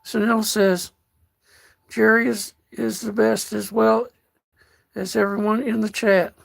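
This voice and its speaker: An older American man hosting a casual livestream, reading out chat messages in a slow, folksy way and calling viewers darling. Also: high-pitched, flat delivery, vocal fry. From United States.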